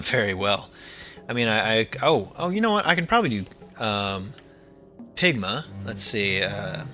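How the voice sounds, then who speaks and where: A young man hosting a casual podcast, reading listener emails in a halting way with many ums. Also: on the low side, sharp tone. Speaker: podcast host.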